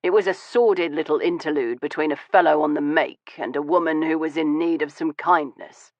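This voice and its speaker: A man voicing a wounded, weary Victorian gentleman who speaks in a low, measured and bitter way in an audiobook. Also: fairly even intonation, no room sound, lightly acted. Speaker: audiobook voice of a male character. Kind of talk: audiobook dialogue reading. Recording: dull, dry studio audio.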